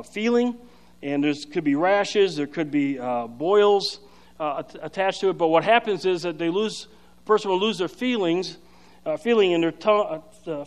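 High-voiced man preaching a sermon. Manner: energetic, emphatic, explanatory with frequent fillers. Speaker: pastor.

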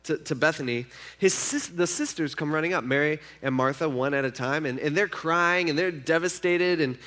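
Male preacher, bright, slightly high voice, chatty sermon that acts out the scenes. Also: moderate pace. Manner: lively, chatty, acts out characters' lines. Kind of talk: casual retelling of a Bible story.

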